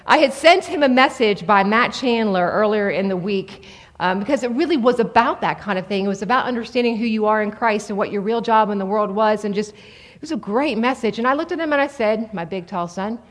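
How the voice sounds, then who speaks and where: A woman in her forties preaching a sermon in a conversational, animated way to an audience in a large hall. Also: medium pitch, a little fast. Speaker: speaker at a church. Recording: long reverb of a large hall.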